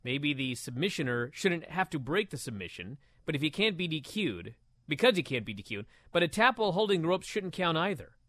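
A man co-hosting a casual wrestling talk show, reading listener comments aloud in an animated, mock-outraged way. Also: fairly high pitch, fairly quick, no echo, clean studio sound.

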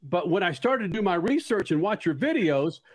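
Man hosting a studio radio show, high voice, eager and loose. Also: fairly quick. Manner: excited, rambling, talks to guest like a buddy. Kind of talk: casual radio talk.

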